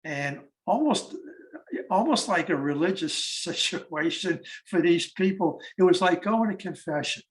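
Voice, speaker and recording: A man's voice: high voice, a little slow. A man of eighty telling stories about the war veterans he interviewed, acting out the conversations. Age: 80s. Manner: animated storyteller acting out conversations. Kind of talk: storytelling talk.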